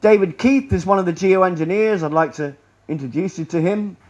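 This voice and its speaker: A man's voice: high-pitched, moderate pace, a little mellow, muffled recording. A man giving a rambling, sarcastic presentation to an audience in a lecture room, often restarting his sentences. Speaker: public speaker.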